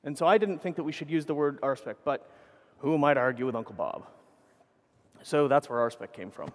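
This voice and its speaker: A man's voice: on the high side, a little fast, in a large hall. A man giving a conference keynote, telling rambling anecdotes full of swearing and self-corrections into a stage microphone. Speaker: keynote speaker.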